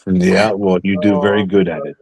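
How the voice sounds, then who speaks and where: A man's voice: deep voice, fairly even intonation, normal speed, vocal fry, darkish tone, poor audio. A man chatting on a live stream, mostly giving short, agreeable replies. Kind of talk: casual live-stream chat.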